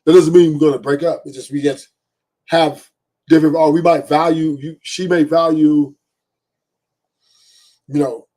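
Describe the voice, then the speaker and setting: A man's voice: on the high side, steady tone, moderate pace, pauses often, mellow. A man hosting a podcast, giving blunt, profane opinions and often asking "right?". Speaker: podcast host.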